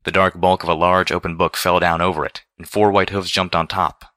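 A man reading a first-person story aloud in a measured, deliberate way. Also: low voice, level tone, sharp tone, no echo, studio quality. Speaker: audiobook reader.

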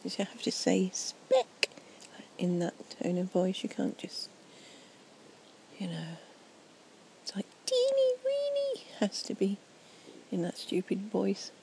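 A woman, slightly tipsy, giving a soft, rambling, whispered night-time ASMR chat outdoors near trees and a fountain on a portable recorder. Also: lowish voice, flat delivery, a little slow, vocal fry, pauses often, slight background noise, poor audio.

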